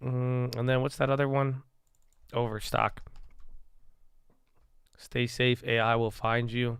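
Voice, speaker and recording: A man's voice: medium pitch, completely flat delivery, slow pace, fairly bright tone, clear, resonant tone, no room sound. Rambling, slangy man commenting on stocks. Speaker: stock-trading streamer. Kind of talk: casual live market commentary.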